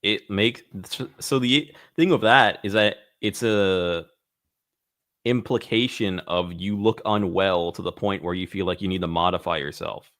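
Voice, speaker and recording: A man's voice: low-pitched, unhurried, fairly bright tone. A man co-hosting a casual comedy podcast, laid-back and saying dude a lot. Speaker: podcast co-host.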